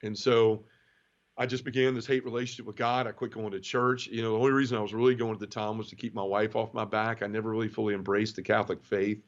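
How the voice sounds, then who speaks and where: A middle-aged man from the southern United States, giving an emotional personal testimony in an interview, halting and full of restarts. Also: fairly low pitch, little pitch movement. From Memphis area, southern United States. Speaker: guest. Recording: dull lo-fi audio.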